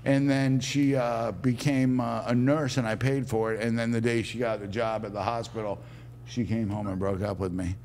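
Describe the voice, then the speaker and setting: A man's voice: mid-range voice, steady tone, normal speed, darkish tone, a little hiss or hum. A man as a podcast guest, telling rambling stories in casual chat with frequent fillers and chuckles. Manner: rambling, laughing anecdotes with many fillers. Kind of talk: casual storytelling.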